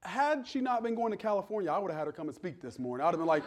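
A middle-aged male pastor delivering a sermon in a somewhat high voice. He builds to loud, ringing calls to his congregation, then drops into a soft, conversational telling of a personal story. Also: expressive, quick pace. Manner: swings from loud preaching to quiet storytelling.

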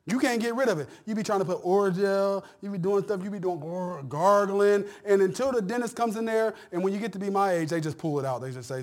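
High-voiced middle-aged preacher, folksy and emphatic. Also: male voice, fast talker, hardly any pauses. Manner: folksy, conversational preaching that swings between hushed and loud; repeats phrases for emphasis. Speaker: pastor. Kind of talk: sermon.

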